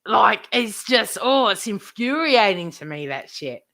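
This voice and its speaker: A woman's voice: medium pitch, sing-song, measured pace, vocal fry, a bit bright. A woman live streamer ranting to her chat, indignant, swearing heavily and repeating herself.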